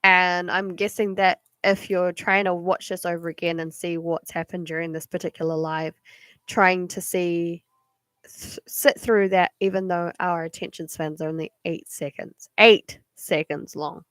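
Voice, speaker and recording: A woman's voice: fairly low pitch, steady tone, measured pace, a bit bright, clear, resonant tone, no room sound. Chatty New Zealand woman, dry sound. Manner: rambling, chatty, many fillers. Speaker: card reader on a live stream. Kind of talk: casual live-stream chat.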